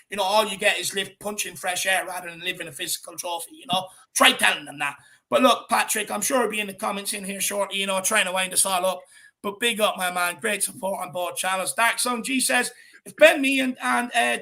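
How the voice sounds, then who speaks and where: A man hosting a casual livestream chat, reading out viewer messages with animated energy. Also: high voice, gravelly. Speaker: host of fan channel.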